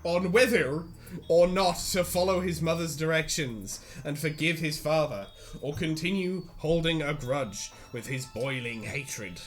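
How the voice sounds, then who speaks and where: A man with a slightly high voice reads a story aloud in a casual podcast, slipping in sarcastic jokes and frequent laughs. His tone moves between mock-serious narration and banter. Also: measured pace, faint music behind. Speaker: reader and co-host. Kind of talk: reading a story aloud with joking asides.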